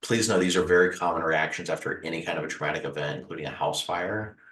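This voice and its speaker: Speaking quickly in a very deep voice, this man hosts a video about getting back on your feet after a house fire, addressing viewers earnestly and reassuringly. He's gentle, repeats phrases, and drops the odd "uh." The room echoes and the audio quality is poor.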